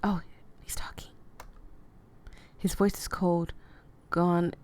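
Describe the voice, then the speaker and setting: Woman streamer, lowish voice, reads game text aloud and reacts with feeling. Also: little pitch movement, takes it slowly, darkish tone, in a whisper. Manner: emotional, reacts openly to the story. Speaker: let's play gamer. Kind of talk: reading a visual novel aloud with reactions.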